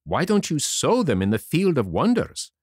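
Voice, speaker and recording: A man voicing a sly, smooth-talking fox swindler with an oily, persuasive manner, for a storybook reading. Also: fairly high pitch, wildly swooping pitch, normal speed, a little mellow, dry recording, studio quality, voice pushed up.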